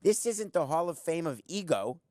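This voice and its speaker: A middle-aged man hosts a sports talk show from a studio, delivering an opinionated, combative monologue and teasing his producer. His voice is a little high and sing-song, darkish in tone, at a moderate pace, in a dry recording.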